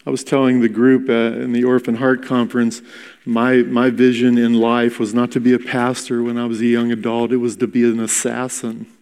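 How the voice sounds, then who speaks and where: A middle-aged male pastor tells a story from the pulpit, animated and acting out each exchange. His voice sits at an ordinary pitch for a man. A long reverb fills the big hall around him. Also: normal speed, clean tone. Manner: animated storyteller, acting out dialogue, swings from loud to hushed. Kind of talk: sermon storytelling.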